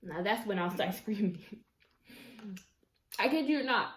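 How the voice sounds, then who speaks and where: A woman telling a story casually while eating on camera at home, chatty and expressive, with slangy asides to her viewers. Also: mid-range voice, measured pace. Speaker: mukbang vlogger. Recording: echoey room.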